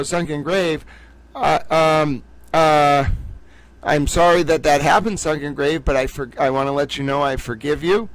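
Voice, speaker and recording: A man's voice: on the high side, no echo. Effusive man hosting a livestream. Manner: playful, gushing and effusive. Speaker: livestream host. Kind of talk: casual livestream chat.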